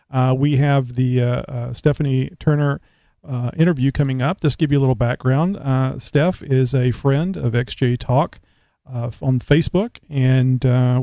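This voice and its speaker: A man from Houston with a Southern Texas accent, hosting a casual interview show and halting through many fillers. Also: medium pitch, mellow, no echo. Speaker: talk show host.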